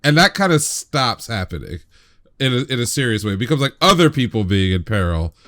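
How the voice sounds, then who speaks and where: Male podcast co-host, clear full voice, mid pitch, thinks out loud. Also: sing-song, brisk. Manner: rambling, filler-heavy explaining. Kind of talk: casual chat.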